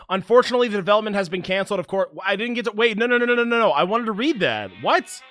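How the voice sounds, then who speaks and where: A man streaming a video game, commenting and reading along in an excitable, jokey way. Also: high voice, fast talker, few pauses, dry recording, studio quality. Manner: excitable, jokey, trails into mumbles. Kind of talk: gameplay commentary and reading aloud.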